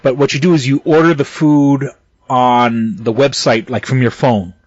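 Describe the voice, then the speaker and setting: A man's voice: mid-range voice, steady tone, moderate pace, dry recording. A man co-hosting a podcast, chatting casually in a rambling way with lots of restarts and swearing. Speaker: podcast co-host. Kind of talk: casual chat. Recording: dull lo-fi sound, dry.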